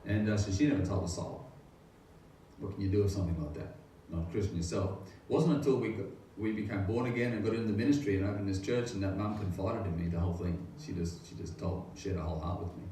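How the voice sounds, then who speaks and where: A man's voice: low voice, fast talker, warm tone. A middle-aged man, a pastor, earnestly telling his faith testimony in a rambling way with rhetorical questions. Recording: very echoey room, distant mic, faint noise.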